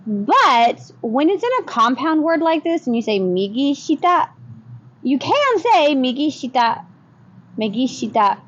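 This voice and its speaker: A woman teaching a recorded language lesson in an upbeat voice, explaining slowly and clearly. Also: sits high, sing-song, muffled recording. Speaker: Japanese teacher.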